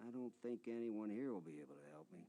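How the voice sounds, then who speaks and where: An actor voicing a gruff, suspicious man in a video game, grumbling about a thief. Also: mid-range voice, expressive, quick pace, dark tone. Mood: wary.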